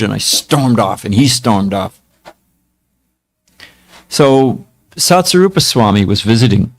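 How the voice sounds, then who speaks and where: A man's voice: fairly low pitch, sing-song, slow, long pauses. A man in his seventies, a monk giving a spiritual talk, telling stories from his past in a casual, self-mocking way. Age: 70s.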